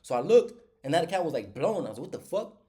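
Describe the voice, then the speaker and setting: A man's voice: on the high side, sing-song, quick pace, dark tone. A congested man, casually recapping his day trades for viewers in a slangy, talkative way.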